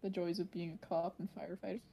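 A woman's voice: fairly low pitch, level tone, fast talker, gravelly, warm tone, breathy edge. A woman in her twenties co-hosting a podcast in casual chat, rambling and filling her sentences with "like". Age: 20s. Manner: rambling, leaning heavily on "like". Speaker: podcast co-host.

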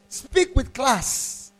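A man preaching a sermon, animated, half-singing his phrases, laughing and quizzing the congregation. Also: extremely high pitch. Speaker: pastor.

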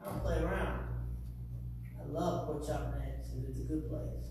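A man's voice: a little high, normal speed, background noise. A man preaching a sermon as a pastor in a church, talking conversationally with frequent "you know" asides. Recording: echoey hall, distant mic.

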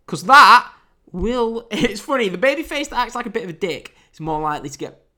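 A British man with an English accent hosts a casual solo podcast reviewing wrestling. His high-pitched voice is sing-song, fast and fairly bright, and he comes across as chatty and wry, with frequent fillers and restarts.

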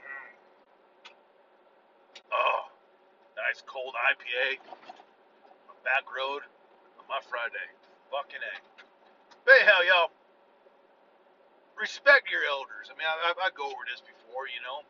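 A man's voice: mid-range voice, unhurried, pauses often, pushed and bright. A middle-aged man rambling in a casual, profane, folksy monologue while sitting in a vehicle. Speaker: vlogger. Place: inside a vehicle on a back road. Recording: dull lo-fi sound with faint car noise.

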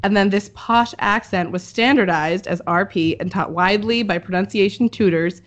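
A woman's voice: medium pitch, normal speed. A woman hosting a casual podcast chat, explaining what she read with frequent fillers. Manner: explanatory, reads from notes with fillers. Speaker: podcast host presenting research. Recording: dull lo-fi audio.

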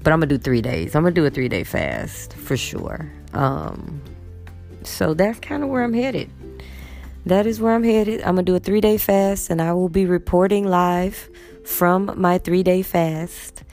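A woman teacher, chatting casually to her viewers in an animated storytelling manner. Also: lowish voice, measured pace, gravelly, faint music behind. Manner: chatty, animated storytelling with acted quotes of students. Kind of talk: casual vlog chat.

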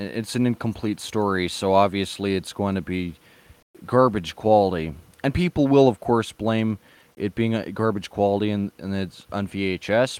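Sarcastic man, low dry voice. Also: no room sound. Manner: sarcastic, mocking. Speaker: online video host. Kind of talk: casual reaction commentary.

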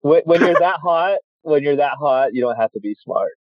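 Teasing guy cracking jokes, lively voice, dry dull lo-fi audio. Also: on the high side, normal speed, dry recording. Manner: jokey, teasing. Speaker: podcast co-host with his own show. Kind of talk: casual chat. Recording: dull lo-fi sound.

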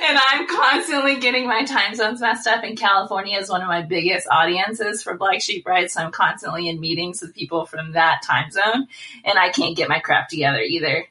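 A woman's voice: mid-range voice, pushed and bright, rough recording. A woman guest talking casually, enthusiastic and effusive, often filling with "like" and "um". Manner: enthusiastic and effusive, lots of fillers like "like" and "um". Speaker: guest, small business owner. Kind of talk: casual chat.

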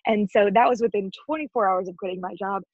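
A woman's voice: medium pitch, fast, dry recording, narrow, tinny audio. A woman in her thirties telling a personal faith story as an interview guest, earnest and emotional, laughing often and close to tears. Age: 30s.

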